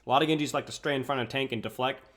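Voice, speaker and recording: In rapid-fire speech at a medium pitch, a young man runs a live stream coaching a video game. He munches on food and casually handles questions from the chat in a relaxed manner.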